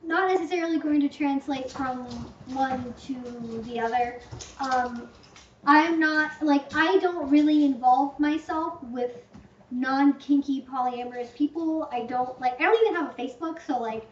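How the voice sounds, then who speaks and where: A woman's voice: high-pitched, a little slow, a little hiss or hum. A woman hosting a casual livestream Q&A, talking in a chatty, rambling way with lots of "like" and playful hyperbole. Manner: chatty, rambling, heavy use of "like", fond of hyperbole. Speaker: channel host answering viewer questions. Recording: echoey room, distant muffled mic.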